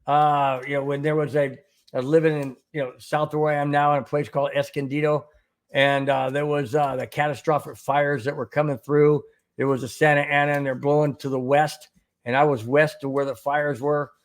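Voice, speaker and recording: A man's voice: a little high, flat delivery, brisk. Rambling middle-aged man hosting a sports show. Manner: rambling, repeats words, reads chat aloud. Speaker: sports podcast host. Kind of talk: casual live-stream talk.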